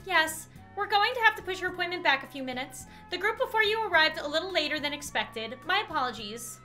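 A woman's voice: extremely high pitch, lively intonation, a little fast, faint music behind, exaggerated voice. A woman voicing a polite, apologetic spa receptionist in a game she reads aloud. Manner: soft, courteous, apologetic. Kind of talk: game dialogue read aloud.

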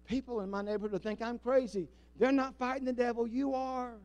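A man preaching a sermon as pastor. He leads the congregation in call-and-response and swings between booming emphasis and hushed asides. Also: fairly even intonation, a little fast, clean tone, lo-fi sound. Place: church sanctuary before a congregation.

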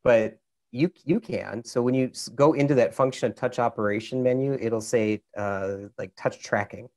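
A man's voice: medium pitch, moderate pace, a little mellow. A man with a Minnesota accent, a camera expert casually explaining settings step by step over a video call, with lots of fillers.

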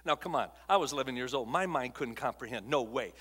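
An older man giving an emotional testimony as a guest speaker in a church, dropping to a hush and then rising to loud, dramatic peaks as he tells his story. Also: mid-range voice, expressive, fast talker, breathy edge. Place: church auditorium. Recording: long hall reverb.

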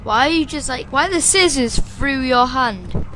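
A woman's voice: high-pitched, lively intonation, unhurried, fairly bright tone, slight background noise. A woman giving loose gameplay commentary, mocking the characters with frequent laughter and sudden outbursts. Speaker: let's play gamer.

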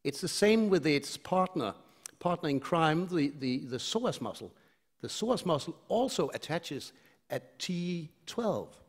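A middle-aged man gives a conference lecture, talking conversationally and pausing often to restart his phrases. His voice sits slightly high. A long hall reverb trails behind him. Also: animated, slightly rough. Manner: conversational, with frequent hesitations and restarts.

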